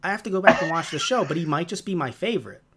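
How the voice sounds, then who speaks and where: Lively, rambling podcast co-host man. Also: a little high, very fast, gravelly, a crowd in the background. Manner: rambling with fillers, tangents and laughter. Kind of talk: casual chat.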